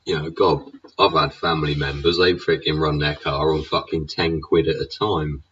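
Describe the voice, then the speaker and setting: A man with a bass voice, husky and a bit bright, hosts a show and rants profanely at normal speed with a level tone. Swearing is constant, as are tags like "innit" and "yeah." It's a dull lo-fi recording.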